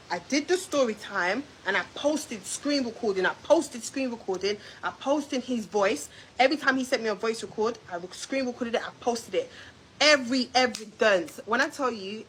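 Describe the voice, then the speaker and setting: A young woman telling a story on a live stream, talking straight to her viewers in a confrontational, animated way. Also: on the high side, a little hiss or hum, poor audio. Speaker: YouTube storyteller. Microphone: phone or webcam on a live stream.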